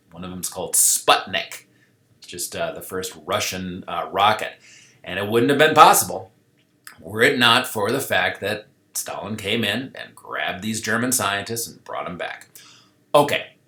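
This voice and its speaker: A man giving a casual history lecture, talking loosely and checking in with the class every few lines. His voice is on the lower side but bright and forceful, and it rings around an echoey room. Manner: loose, conversational, keeps checking in with "okay?"; acts out historical figures in quoted asides. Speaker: history teacher.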